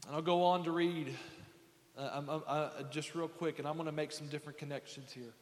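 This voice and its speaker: Man, pastor, high voice, impassioned preaching, building to shouts, roomy church hall, faint congregation. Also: fairly even intonation, fairly quick. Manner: impassioned, repetitive preaching cadence that swells into shouts. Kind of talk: sermon. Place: church sanctuary.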